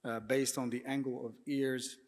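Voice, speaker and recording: A man giving a prepared panel talk, measured and hesitant, with frequent "uh"s and throat clearing. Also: medium pitch, little pitch movement. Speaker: panel speaker, architect. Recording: echoey lecture hall.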